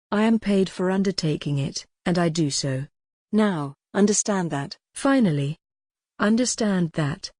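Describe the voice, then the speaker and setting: A woman's voice: lowish voice, dry recording, clean studio sound, close to an everyday voice. A text-to-speech woman's voice reading the lines of a stern, blunt male lawyer in a classic novel audiobook. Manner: even, machine-read delivery.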